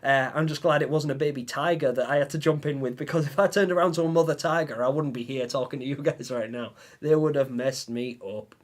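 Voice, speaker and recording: A young man hosting a live stream, telling a story in a lively way and acting out his own panicked lines. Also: mid-range voice, fairly quick, hardly any pauses. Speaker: livestream host.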